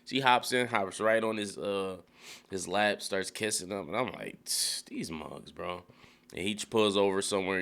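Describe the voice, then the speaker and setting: A man casually recapping a TV episode, animated and profane, laughing often and mimicking characters in a high voice. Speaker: TV recap reviewer. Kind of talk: casual spoken show recap. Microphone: studio dynamic mic.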